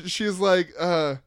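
A man co-hosting a podcast, relaxed and chatty, retelling scenes with chuckles. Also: high-pitched, gravelly, no echo, studio quality. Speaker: podcast co-host. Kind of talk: casual chat about a reality show.

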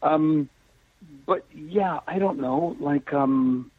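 A man with a husky voice speaks as a guest over a tinny, phone-like line. He chats casually and picks his words with care, dodging spoilers. The sound is dry and close. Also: fairly high pitch, no room sound. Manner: careful and measured, avoids spoilers. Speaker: actor guest. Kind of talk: casual interview chat.

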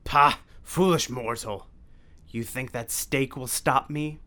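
Scornful vampire count done by a guy reading a story, big and theatrical, kinda slow and grand. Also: medium pitch, sharp tone. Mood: menacing. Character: sneering vampire count, male, menacing and haughty.

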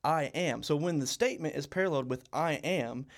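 A man's voice: a little high, brisk. A young man co-hosting a casual Bible study podcast, earnest and often repeating and restarting his phrases. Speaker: co-host.

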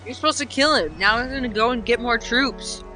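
A man's voice: very high-pitched, brisk. A man playing a tabletop game who talks in a brash, profane way, with faint music behind. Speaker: player. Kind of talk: casual game banter.

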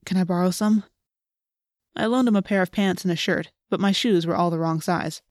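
A woman narrating an audiobook in a steady, clear storytelling manner. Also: lowish voice, brisk, no echo, studio quality. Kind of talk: scripted narration.

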